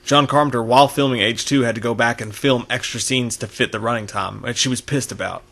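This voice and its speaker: A man talks quickly through a casual movie commentary, swearing freely and dropping behind-the-scenes trivia. His pitch sits in an ordinary middle range. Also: steady tone, vocal fry, fairly bright tone. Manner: chatty, profane, shares film trivia.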